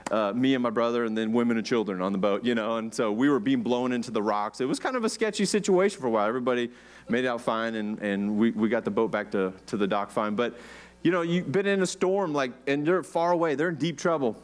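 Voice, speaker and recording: Conversational American pastor preaching. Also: male voice, mid-range voice, quick pace. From United States. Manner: conversational, asks the congregation questions. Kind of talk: sermon. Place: church.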